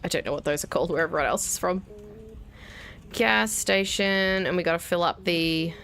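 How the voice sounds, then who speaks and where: A woman's voice: on the low side, moderate pace, creaky, a bit bright, a little hiss or hum. An Australian woman in her thirties giving casual, wry gameplay commentary and talking herself through each step. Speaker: gaming video host. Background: faint game music and keyboard typing.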